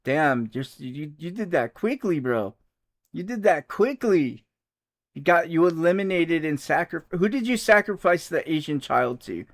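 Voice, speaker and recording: A man's voice: fairly high pitch, lively intonation, unhurried. A man hosting a casual livestream, joking with his chat and laughing often. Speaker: livestream host.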